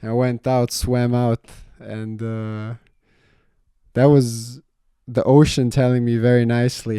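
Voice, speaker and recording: A young man chatting casually about his life in a vlog. He swears freely, leans on "you know" and "man", and gets louder when he retells a story. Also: mid-range voice, level tone, slow pace, smooth, no room sound, studio quality. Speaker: vlogger.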